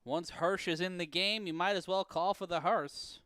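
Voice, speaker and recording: A man calling an amateur football game play-by-play, profane and prone to erupting into shouts and laughter on big plays. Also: sits high, steady tone, moderate pace, clear, resonant tone, no echo, clean studio sound. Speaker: play-by-play commentator. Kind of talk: sports commentary.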